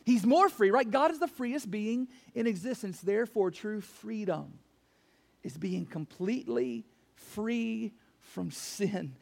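A male pastor preaching a sermon to his church, emphatic, repeating key phrases and rising to near-shouts on his main points. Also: high voice, expressive, slow, gravelly.

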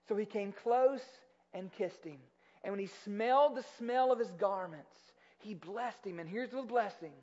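A male pastor giving a sermon, reading scripture aloud and then explaining it in animated, conversational words. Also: sits high, normal speed. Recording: slightly dull lo-fi sound.

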